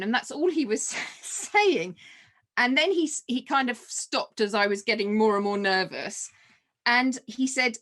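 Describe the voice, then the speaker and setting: A woman's voice: on the high side, unhurried. A woman, a mother, guest on a podcast, telling a personal story casually and acting out remembered dialogue. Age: adult with children. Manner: animated, acts out remembered dialogue.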